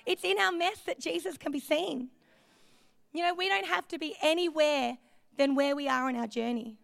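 A woman's voice: sits high, moderate pace, vocal fry, fairly bright tone, no echo. A woman preaching a sermon in a chatty, self-deprecating way, telling personal stories in a church.

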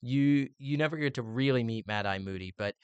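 A middle-aged man co-hosting a casual podcast chat, animated and teasing. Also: medium pitch, a little fast, clear, resonant tone, no room sound, muffled recording. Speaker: podcast co-host, father.

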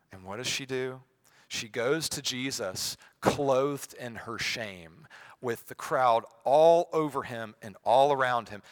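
Bright-voiced preacher swinging hushed to loud. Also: male voice, on the low side. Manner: acts out quoted voices with sarcasm. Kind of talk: sermon.

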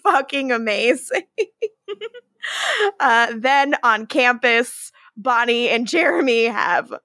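A woman's voice: a little high, expressive, takes it slowly, pushed and bright, no echo. A woman co-hosting a podcast, chatting casually, swearing and laughing as she retells TV scenes. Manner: laughing, profane, retelling scenes with playful quotes. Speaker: podcast co-host. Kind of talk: casual rewatch chat.

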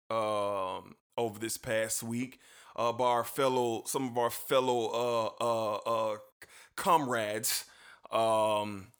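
A man hosting a sports talk show, chatting casually and easily, often repeating words as he goes. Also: mid-range voice. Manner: relaxed, repeats words, slangy. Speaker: sports podcast host.

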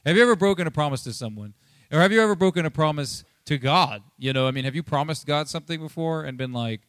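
A pastor giving a casual, conversational sermon, chatty and animated, acting out Bible scenes in quick asides. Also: male voice, fairly high pitch, no room sound, studio quality. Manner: chatty, animated, acts out Bible quotes, many fillers.

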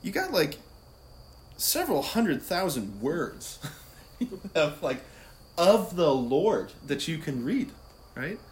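A man giving an informal Catholic talk, animated and conversational, often laughing and asking "right?". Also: a little high, slow, pauses often, slight background noise. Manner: laughs easily while talking. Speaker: Catholic speaker. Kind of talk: casual faith talk.

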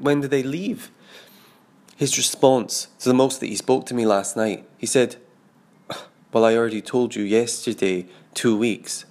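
A man recording a confessional audio diary, expressive and sweary, mimicking sounds and other people's voices as he recounts events. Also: mid-range voice. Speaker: diarist.

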